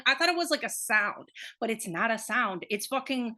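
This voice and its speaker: A woman's voice: high voice, normal speed, hardly any pauses, sharp tone. A young woman co-hosting a podcast, chatting casually and animatedly, swearing freely. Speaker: podcast co-host. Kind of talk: casual chat.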